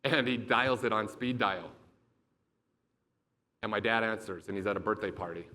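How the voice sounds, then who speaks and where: A man's voice: on the low side, normal speed, sharp tone. A young adult man giving a motivational keynote speech, telling a personal story in an emphatic, profane and confessional way. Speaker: motivational speaker.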